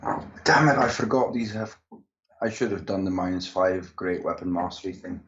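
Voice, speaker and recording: A man's voice: deep voice, fairly even intonation, moderate pace, lo-fi sound. A man playing in a tabletop game, eagerly talking through his attacks. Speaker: player. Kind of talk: casual tabletop play.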